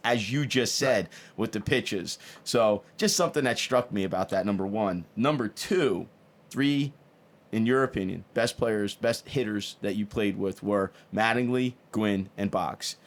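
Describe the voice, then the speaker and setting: Chatty, lower-voiced middle-aged male host. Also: unhurried. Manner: chatty, enthusiastic, rambling questions. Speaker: podcast host. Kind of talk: casual interview chat.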